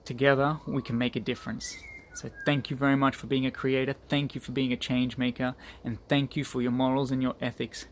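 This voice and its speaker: A man's voice: medium pitch, little pitch movement, fairly quick, few pauses, slight background noise. A man giving an earnest motivational talk to his group, repeating phrases for emphasis. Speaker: group leader.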